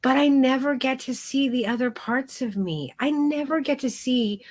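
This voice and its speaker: A middle-aged woman teaching a live photography class, telling stories in a frank, animated way with casual swearing. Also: high-pitched, moderate pace. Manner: frank and animated, with mild profanity.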